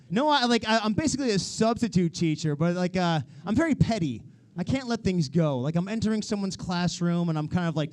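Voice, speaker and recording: A young American man performing a stand-up comedy set, self-deprecating and wry, swearing freely. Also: sits high. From United States. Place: live comedy stage.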